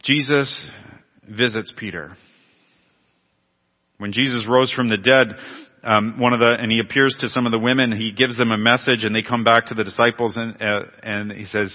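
A man's voice: mid-range voice, fairly even intonation, moderate pace. A male pastor preaches a sermon in a church. His speech is full of restarts, and he acts out the quotes. The sound is muffled and carries a long hall echo. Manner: retells scripture with acted quotes, many restarts.

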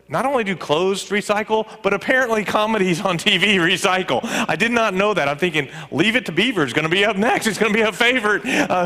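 A middle-aged man preaching a conversational sermon, animated and acting out little quoted reactions. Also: mid-range voice. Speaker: pastor and college professor. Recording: long reverb of a large hall.

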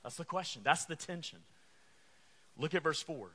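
A man's voice: fairly high pitch, animated, moderate pace, a bit bright. A man preaching a sermon, calling out to the congregation and repeating refrains. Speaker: pastor.

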